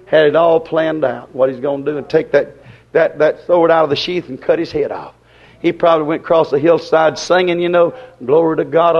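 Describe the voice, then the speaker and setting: A man preaching a sermon in a folksy, dramatic way, swinging between loud and soft. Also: on the high side. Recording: dull lo-fi sermon recording.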